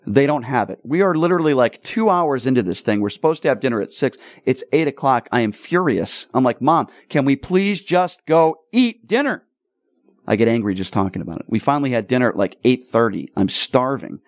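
Male radio host, mid pitch, lively storyteller, dry close mic. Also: fast talker, few pauses, dry recording. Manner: animated, exasperated storyteller. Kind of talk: casual storytelling chat.

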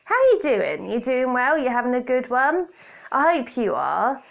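A woman's voice: high-pitched, sing-song, unhurried, vocal fry, lo-fi sound. A woman hosting a solo podcast in a chatty, playful, self-mocking way, recorded on a hands-free kit mic. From Britain. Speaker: podcast host. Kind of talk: casual solo podcast chat. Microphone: borrowed hands-free kit headset.

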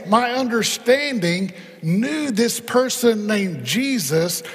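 High-voiced pastor in a reverberant hall. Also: male voice, fairly bright tone. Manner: conversational storytelling, quizzes the congregation. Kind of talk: sermon.

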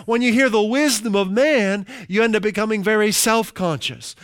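A middle-aged man preaching a sermon as pastor, slowing down to stress key phrases and dropping into conversational asides. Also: high voice, fairly bright tone, clear, resonant tone. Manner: slows down for emphasis, conversational asides.

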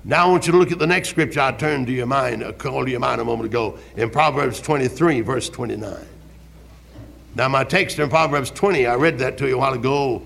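An older man preaching a fervent sermon as pastor in a church, repeating his questions and rising to shouts. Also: medium pitch, brisk, gravelly, slight background noise. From American South. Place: church sanctuary. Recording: 1971 archival church recording.

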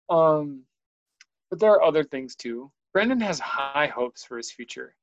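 A father speaking candidly about his young son in an earnest, halting way, often pausing to find his words. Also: a little high, animated, lo-fi sound. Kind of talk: candid personal conversation.

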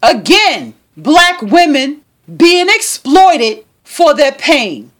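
Sassy woman podcaster going off, slow and preachy. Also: sits high, big pitch swings. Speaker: podcast host. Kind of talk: opinion commentary monologue.

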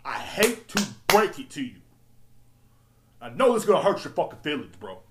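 A man's voice: fairly high pitch, very animated, moderate pace, background noise. A man ranting profanely and rambling as a podcast host. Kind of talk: casual solo rant. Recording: roomy echo.

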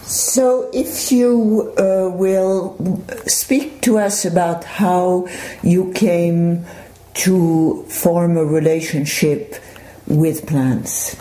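A woman interviewer gently prompting her guest with unhurried questions. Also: on the low side. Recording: roomy echo.

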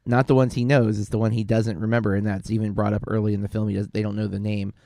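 Gravelly low-voiced man chatting casually. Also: flat delivery, fast, mellow, dry recording, clean studio sound. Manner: rambling, self-correcting, filler-heavy. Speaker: podcast co-host. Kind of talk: casual film discussion.

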